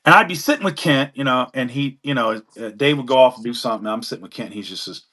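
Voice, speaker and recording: A man's voice: medium pitch, expressive, quick pace, pushed and bright. A tired man with an East Tennessee twang, spinning rambling folksy stories in a casual panel chat. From East Tennessee, USA.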